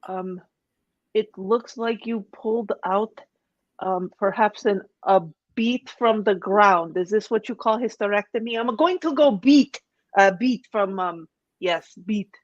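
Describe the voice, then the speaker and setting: Lady putting on a thick russian accent, siberian gulag lady, broken english, deadpan, dry close mic. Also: mid-range voice, measured pace, dry recording, muffled recording, close to an everyday voice. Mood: pondering. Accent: put-on Russian. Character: blunt Siberian woman haunted by the gulag. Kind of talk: live online improv comedy.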